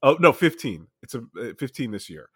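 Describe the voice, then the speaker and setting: A man's voice: mid-range voice, fairly quick, husky, dry recording, studio quality. A man in his thirties from New Jersey, co-hosting a casual chat and telling stories with lots of laughter and swearing. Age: 30s. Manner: animated storyteller, laughs often, swears. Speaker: podcast co-host.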